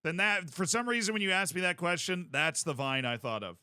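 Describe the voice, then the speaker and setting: A man streaming a game, chatting casually in a rambling, jokey way with sudden loud outbursts. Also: high-pitched, a little fast, clean tone, dry recording, clean studio sound.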